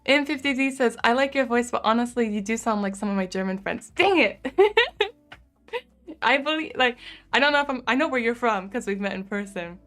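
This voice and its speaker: A woman's voice: fairly high pitch, lively intonation, moderate pace, a bit bright, faint music behind. A young woman from the United States with a lisp, chatting casually on a live stream, giggling often and saying "like" a lot. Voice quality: lisp, speech impediment. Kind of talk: casual chat reading viewer comments.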